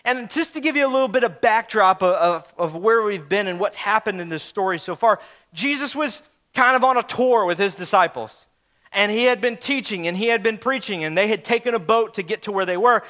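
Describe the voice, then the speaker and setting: A man preaching a sermon as a pastor, telling a story in an animated way with joking asides. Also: high voice, brisk.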